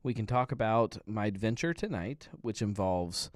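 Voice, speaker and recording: A man in his thirties hosts a casual live happy-hour show from home, rambling in a relaxed way and chuckling often. His voice sits on the low side, animated and moderately paced, recorded with clean studio sound and no echo.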